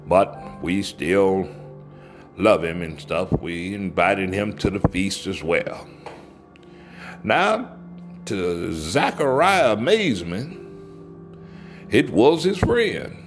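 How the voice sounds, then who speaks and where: A man's voice: low voice, very animated, slow, pauses often, faint music behind. A man telling a folksy story aloud, leaning on key words and drawing them out.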